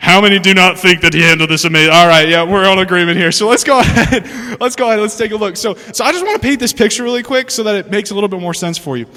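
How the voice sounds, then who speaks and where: Young male preacher, high bright voice, lively and chatty with the crowd; long hall reverb. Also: fast, few pauses. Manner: animated, laughing asides, asks the room questions. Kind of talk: sermon. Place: church hall with an audience.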